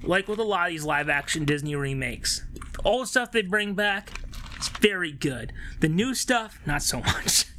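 Upbeat male co-host, bright and lively; a ranting storyteller in loose podcast chat. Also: high voice, moderate pace, a little hiss or hum. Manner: animated storyteller, rants with loud acted outbursts. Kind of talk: casual chat.

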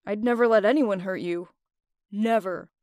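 A woman voicing a caring young male friend who speaks softly and earnestly. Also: mid-range voice, moderate pace, dry recording, studio quality, voice pushed down, lightly acted. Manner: soft, earnest.

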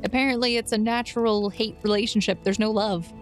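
A woman's voice: fairly high pitch, steady tone, brisk, soft background music. Easygoing woman at the game table. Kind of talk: casual role-play chat.

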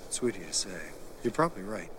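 A man's voice: lowish voice, big pitch swings, normal speed, creaky, noisy background. An actor playing a wry weatherman with dry, understated humor, in film dialogue over a score. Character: wry weatherman, dry self-mocking wit, softening.

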